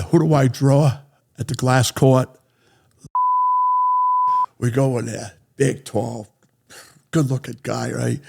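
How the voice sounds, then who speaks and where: A man telling a story in a blunt, profane, animated way as an interview guest. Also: medium pitch, gravelly, breathy edge. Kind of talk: casual storytelling.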